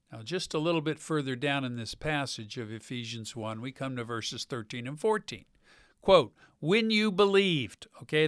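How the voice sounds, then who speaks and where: Slow, clear-voiced male preacher. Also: on the high side, a bit bright, no echo, clean studio sound. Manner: earnest, emphatic scripture reading; speaks slowly with stressed words. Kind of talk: sermon.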